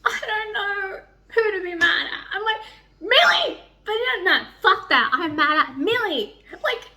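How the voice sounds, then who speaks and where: A young woman chatting in a casual reading vlog, excitable, rambling and swearing freely as she rants about characters. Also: extremely high pitch, measured pace. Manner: rambling, restarts often. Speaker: book vlogger.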